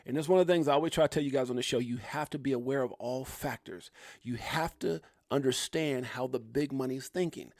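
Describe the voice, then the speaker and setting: A middle-aged man hosting a crypto live stream, preaching hard work in fired-up, slangy talk with loud whoops. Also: medium pitch, dry recording, clean studio sound.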